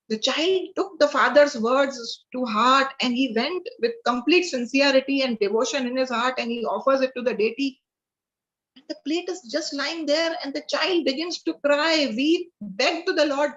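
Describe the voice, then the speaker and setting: A spiritual class speaker, a woman with an Indian accent, tells devotional stories earnestly over a video call, mixing in Hindi and using frequent fillers. Her voice is high-pitched and fairly bright at a normal speed, and the call audio is dull and lo-fi.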